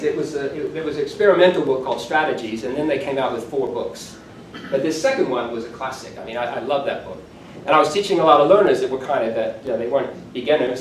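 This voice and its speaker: At medium pitch, a man in his sixties presents his conference keynote conversationally and pokes fun at himself now and then. Slight background noise mixes with the faint ambience of an echoey hall recorded from a distance.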